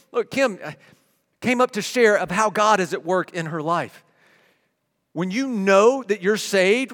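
A middle-aged pastor preaches a sermon to his church, moving between conversational asides and emphatic declarations. His voice is very high with a fairly bright tone. Long hall reverb from the church sanctuary colors the recording.

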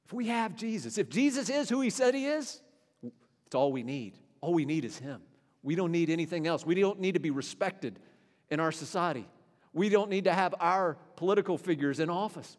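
High-voiced pastor preaching in a reverberant hall. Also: male voice, animated, normal speed. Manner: earnest, conversational preaching with frequent repetitions and restarts. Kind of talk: sermon.

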